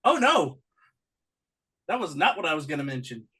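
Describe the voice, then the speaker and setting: A podcast co-host in a loose wrestling recap, wry and teasing in quick exchanges. The voice has a bright, forward tone at a middling pitch. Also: very animated, breathy edge. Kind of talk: casual wrestling recap chat.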